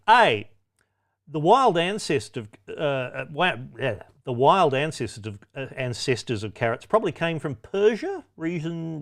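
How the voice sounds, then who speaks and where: A man's voice: on the high side, gravelly, fairly bright tone. A man hosting a pub quiz, reading out questions with wry, cheeky asides and chatty self-corrections. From Australia. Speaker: quiz host.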